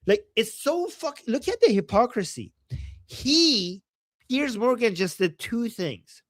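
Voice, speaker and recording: A man hosting a casual livestream, reading viewer chat and reacting heatedly to clips, swearing freely and swinging from soft asides to loud outbursts. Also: extremely high pitch, expressive, takes it slowly, no echo, studio quality. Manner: reads viewer chat aloud.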